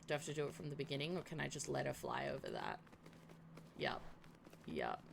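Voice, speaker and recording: A woman's voice: sits low, big pitch swings, fast talker, gravelly, background noise. A woman streamer commenting on a horse-riding game, who swears, groans and laughs at herself. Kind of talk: casual gameplay commentary.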